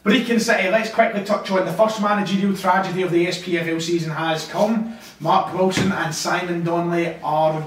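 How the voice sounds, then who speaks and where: Young scottish guy, high voice, jokes around a lot, roomy sound a bit off mic. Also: steady tone, brisk, recorded from a distance. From Scotland. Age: young adult. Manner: jokey, laughs often. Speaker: podcast co-host. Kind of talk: casual football chat. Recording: roomy, off-mic with faint hiss.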